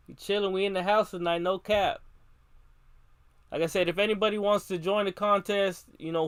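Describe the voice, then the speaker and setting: A man's voice: high voice, a bit bright, smooth, dry recording. A man streaming live, reading a children's book aloud in a slangy, casual way and repeatedly tacking on a catchphrase between lines.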